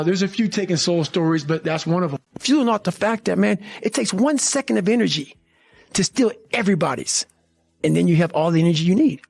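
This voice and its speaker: A man's voice: high-pitched, vocal fry. A middle-aged man telling a story as a podcast guest, intense, blunt and full of profanity. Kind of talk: casual storytelling in a podcast interview.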